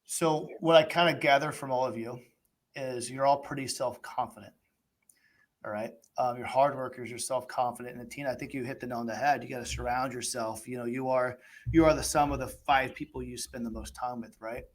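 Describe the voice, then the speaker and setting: A man moderating a video-call panel who asks the guests questions. He talks in a relaxed, encouraging and loose way. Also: medium pitch, brisk.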